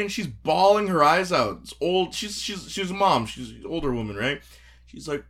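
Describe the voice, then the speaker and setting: A man, telling stories in a casual chat, animated and laughing as he acts out quotes. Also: medium pitch, normal speed.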